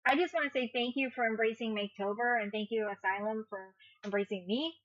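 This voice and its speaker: A woman's voice: fairly high pitch, fast talker, fairly bright tone, muffled recording. A woman guest in a casual interview, talking in a chatty, upbeat way.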